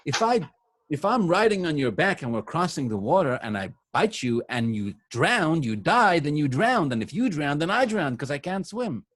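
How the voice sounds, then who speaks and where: A cocky male scorpion from a spoken fable, talking down with smug, matter-of-fact certainty, as a man puts him on. The voice sits a bit higher than everyday talk, and it sounds scheming even when it is calm. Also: moderate pace.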